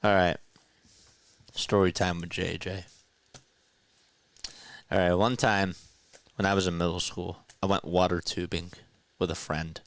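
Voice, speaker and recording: Slow-talking man calling baseball live. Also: low voice, flat delivery, no room sound. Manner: casual, laughs often, chats with viewers. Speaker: play-by-play streamer. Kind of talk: live baseball commentary and chat.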